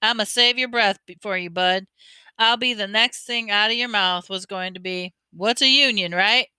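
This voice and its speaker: A kindly older man with a teasing, folksy way of talking, as a woman reads him aloud. He explains things patiently to a boy and calls him bud. The voice is bright and smooth, in a dry, close audiobook sound. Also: mid-range voice, normal speed, dry recording. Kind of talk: audiobook reading.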